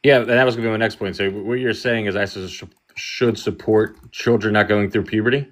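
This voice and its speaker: A man in his thirties calling into a debate stream, calm and measured, asking to keep the talk going. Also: on the low side. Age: 30s. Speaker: caller.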